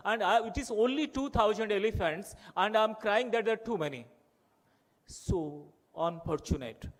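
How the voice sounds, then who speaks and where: Impassioned Indian man at a conference. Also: high voice. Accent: Indian English, Odia. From Odisha, India. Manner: rhetorical, repetitive, emphatic. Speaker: conference speaker. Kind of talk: impassioned public speech.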